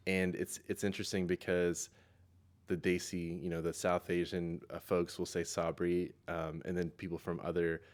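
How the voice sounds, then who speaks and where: A young man from East Tennessee, a musician guest, answering in a relaxed way, laughing often and filling with ums. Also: deep voice, normal speed. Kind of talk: casual interview answers.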